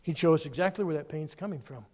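Man preaching, high voice, animated, loud peaks and soft asides, long hall echo. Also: quick pace, husky. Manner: animated, swinging from loud emphasis to quiet asides. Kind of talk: sermon.

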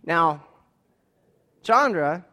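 Animated man telling a story, slightly high voice. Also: extremely slow. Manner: acts out dialogue, laughs while telling; expressive, swings between quiet asides and loud outbursts. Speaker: speaker telling a personal story to an audience.

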